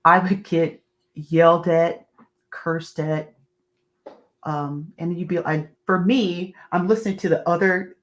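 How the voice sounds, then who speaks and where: A woman guest on a podcast, telling candid stories with animated energy in casual chat. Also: fairly low pitch, takes it slowly.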